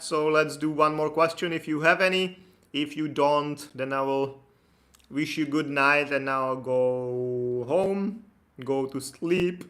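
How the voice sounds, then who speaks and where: Casting note: man, bright and slightly high voice, casual and chatty live-stream host. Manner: relaxed, chatty, laughs easily, reads viewer comments aloud. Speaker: immigration consultant hosting a live Q&A.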